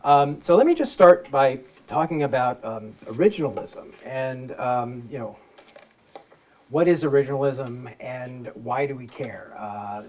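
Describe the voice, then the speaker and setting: A man's voice: mid-range voice, darkish tone. A man, a law professor, giving a public lecture through a microphone, explaining things plainly and informally for laypeople. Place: event space with a live audience.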